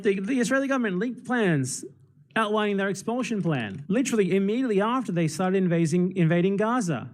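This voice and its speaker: A man hosting a livestream, giving impassioned, sarcastic political commentary. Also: high voice. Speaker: streamer host.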